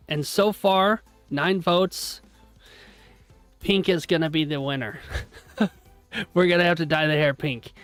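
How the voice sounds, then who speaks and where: A fairly high-voiced man hosts a live stream in a loose, joking tone, chatting with viewers and thanking them as he goes. Faint music runs in the background. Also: dry recording. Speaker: live-stream trading host. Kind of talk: casual live-stream chat.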